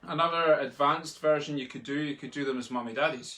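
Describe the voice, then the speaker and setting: Gravelly Scottish drum tutor. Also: male voice, medium pitch, fairly quick, hardly any pauses, very noisy. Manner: relaxed, chatty, counts and chants sticking aloud. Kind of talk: online drumming lesson. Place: home, a street outside.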